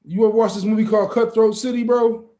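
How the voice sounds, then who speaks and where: Podcast host guy, pretty high voice, laughs a lot, slangy, keeps saying bro. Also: level tone, fast talker, warm tone. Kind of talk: casual chat.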